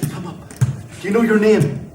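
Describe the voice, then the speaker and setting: An actor playing a kindly fire chief who coaxes and reassures a survivor, in an amateur audio drama. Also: male voice, high-pitched, steady tone, moderate pace, lightly acted. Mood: coaxing. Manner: coaxing, reassuring. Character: kindly take-charge male fire chief. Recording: roomy, distant mic, noisy background.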